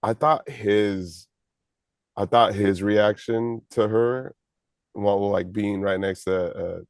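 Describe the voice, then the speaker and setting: Male podcast co-host, lowish voice, dry close sound, halting delivery. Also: fairly even intonation, no room sound. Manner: hesitant, searching for words. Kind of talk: casual podcast chat.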